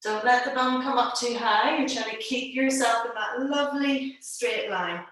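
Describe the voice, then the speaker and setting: A woman teaching a live online pilates class from home over a video call, calmly giving cues and counting down holds, a little out of breath. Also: on the high side, moderate pace. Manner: calm instructing, counting holds aloud. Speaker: pilates instructor. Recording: echoey room, distant mic.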